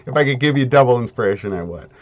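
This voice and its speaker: A man narrating as game master of a tabletop game, talking in halting bits with many fillers and restarts. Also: mid-range voice, expressive, highs cut off.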